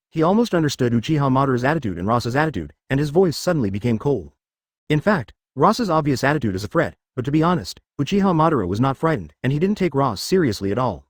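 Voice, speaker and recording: A fast, synthetic male narrator reads a web novel audiobook, with lively pitch and a dry, close sound. He reads mechanically and voices stray text along with the story. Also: no room sound.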